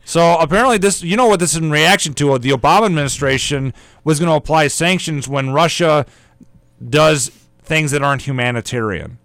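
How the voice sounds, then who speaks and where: A man's voice: fairly high pitch, a little fast, a bit bright, no room sound. A man hosting a casual, jokey news chat on a radio show, rambling between stories. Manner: rambling, jokey, breaks into mock singing.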